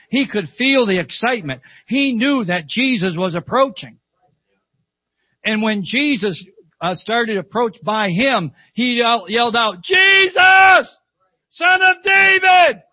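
An older man preaches fervently at church, telling stories, repeating phrases, and calling out "Amen." His slightly rough voice sits high for a man, and the close, dull recording has no echo.

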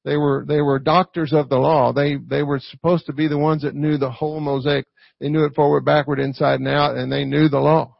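A man preaching in a high, gravelly voice with an easygoing, folksy delivery. He keeps tossing rhetorical questions to his listeners. The recording is dull and lo-fi, with a dry, close sound. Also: flat delivery, brisk, dry recording. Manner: folksy, peppers points with rhetorical "right?". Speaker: pastor. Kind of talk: conversational sermon.

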